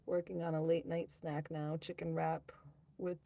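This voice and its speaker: A woman hosts a live stream, reading viewer comments aloud and chatting in a rambling, offhand way, quick to laugh at herself. Her voice sits low, level in tone, gravelly and warm.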